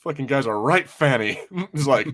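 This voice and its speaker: A man's voice: medium pitch, normal speed. American male podcast host from New Mexico, mid-range voice, sweary and giggly. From New Mexico, USA. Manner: profane, laughing, excitable. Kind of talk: casual podcast chat.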